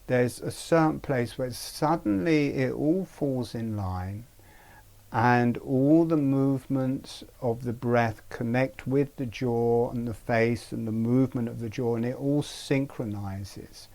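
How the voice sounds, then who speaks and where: A man teaching a breathing practice in an online webinar, speaking gently and haltingly, with frequent pauses. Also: medium pitch, vocal fry. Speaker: meditation teacher.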